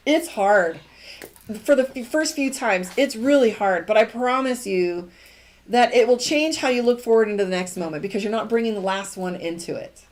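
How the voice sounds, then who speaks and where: A woman's voice: a little high, animated, normal speed. A middle-aged woman giving a casual live tarot reading, chatty and encouraging. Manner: chatty and encouraging, acts out quoted lines. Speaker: tarot reader.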